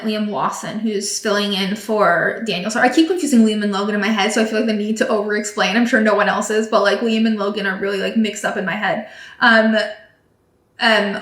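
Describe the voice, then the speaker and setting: A woman's voice: on the high side, a bit bright. A young woman hosting a podcast, recapping a race in a chatty, casual way full of ums and likes. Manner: chatty, lots of ums and likes, quotes radio calls. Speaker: podcast host. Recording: echoey room.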